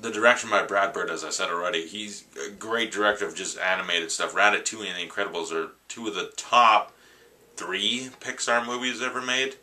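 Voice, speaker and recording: Guy gushing about his fave movie, kinda low voice but super bright and sharp, rambly casual vlog. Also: a little fast. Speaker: movie reviewer.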